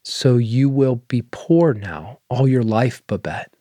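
A man voicing a gentle, bewildered elderly spinster sister in a read story. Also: mid-range voice, lively intonation, takes it slowly, husky, no echo.

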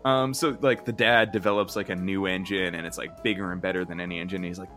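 Guy riffing a silly movie pitch, halting and rambly, kinda low and bright. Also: soft background music. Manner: rambling, halting with many restarts. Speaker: comedian pitching a mock movie. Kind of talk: improvised comedic pitch.

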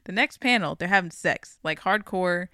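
A young adult co-host retells a story with lively energy, laughing often and swearing freely. The voice is bright and smooth, recorded close and dry with no room echo. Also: medium pitch, moderate pace. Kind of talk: casual podcast chat.

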